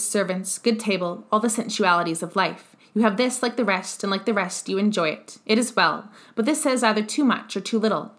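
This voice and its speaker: A woman reading the part of a dying old male revolutionary, bitter and fierce, in an even, measured way. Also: medium pitch, natural voice. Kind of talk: audiobook character reading.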